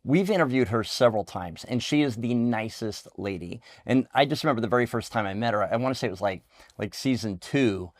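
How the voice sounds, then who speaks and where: Man, interview host, enthusiastic, excitable, casual chat, dry recording. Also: mid-range voice, fairly quick, dry recording.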